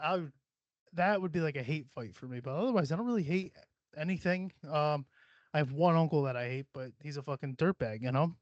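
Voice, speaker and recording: A young adult man talks straight into a close mic in a rambling solo podcast, blunt and full of profanity. His voice sits a touch high for a man, and the sound is dry and slightly dull. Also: no echo. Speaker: podcast host. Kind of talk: casual solo podcast monologue. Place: small cluttered home room.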